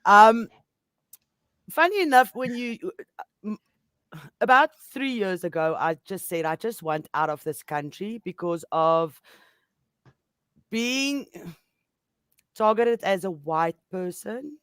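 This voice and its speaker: A woman's voice: mid-range voice, animated, slow, long pauses, fairly bright tone, clear, resonant tone, no room sound. A woman from South Africa with a South African accent, hosting a casual podcast conversation and speaking in an emotional way that breaks easily into laughter.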